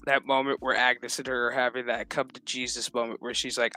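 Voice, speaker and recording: A man's voice: medium pitch, little pitch movement, brisk, pushed and bright, no echo. Rambling, foul-mouthed male streamer. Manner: rambling, profane, laughs often. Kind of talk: casual episode recap. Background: background music.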